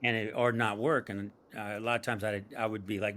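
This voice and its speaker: A man's voice: lowish voice, a little fast. A middle-aged man from San Diego, a screenwriter and comedian, telling stories in an interview with laughs and acted-out voices. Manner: animated storyteller acting out voices, laughs often. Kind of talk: storytelling interview.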